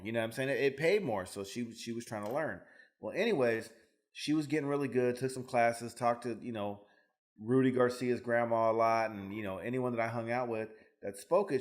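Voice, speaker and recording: A male podcast co-host with a mid-range voice who trades crude jokes. He banters loosely and then settles into long, casual stories. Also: medium pitch. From Fresno, California. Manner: joking, profane banter. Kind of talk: casual chat.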